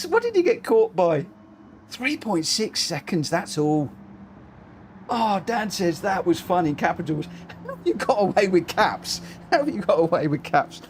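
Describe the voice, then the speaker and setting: A man commentating a racing game live, excitable, cheering drivers on and breaking into shrieks of laughter. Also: high-pitched, unhurried, slight background noise. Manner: cheers drivers on with repeated phrases.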